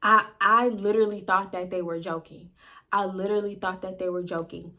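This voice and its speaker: A young woman vlogger telling a story to camera in a casual, animated way, cursing often and talking straight to her viewers. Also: medium pitch, fairly quick. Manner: animated, profane, addresses viewers directly.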